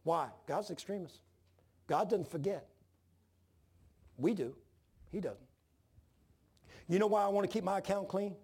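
A pastor delivers a storytelling sermon in a folksy, animated style, voicing the characters in his anecdotes. His high-pitched voice is slightly rough, and he speaks at a measured pace with frequent pauses.

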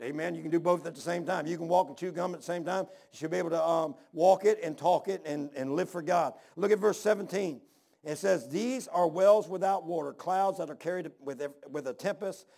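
A man's voice: sits high, creaky. A man preaching a sermon, reading scripture and telling folksy personal stories with repeated, emphatic phrases.

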